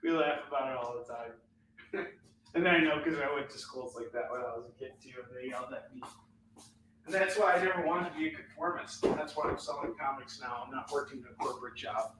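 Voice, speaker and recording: A man's voice: medium pitch, a little fast, fairly bright tone, a little hiss or hum. A middle-aged man hosting a live comic book sales stream at home, joking and chatting off the cuff. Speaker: host and comic book seller. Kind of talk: live shopping stream chat. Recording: roomy echo, a little far from the mic.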